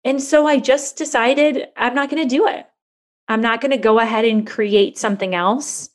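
Animated woman telling a personal story. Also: a little high, moderate pace. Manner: animated, acts out quoted voices, frequent "like" fillers. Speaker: guest. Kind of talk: candid conversational storytelling.

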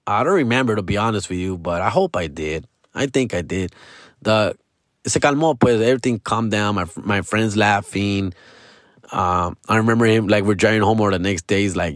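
A man's voice: medium pitch, lively intonation, normal speed, no room sound, clean studio sound. A male comedian telling a story casually, profane and slangy, dropping into Spanish phrases.

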